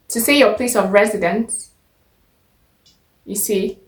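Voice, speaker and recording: A woman's voice: medium pitch, echoey room. Patient Nigerian woman teaching phrases. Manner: patient, repeats each phrase slowly and clearly. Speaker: language teacher. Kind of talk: step-by-step language lesson.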